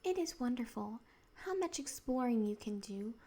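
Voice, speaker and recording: A woman narrating a children's novel in a soft, partly whispered storybook reading. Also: a little high, lively intonation, normal speed.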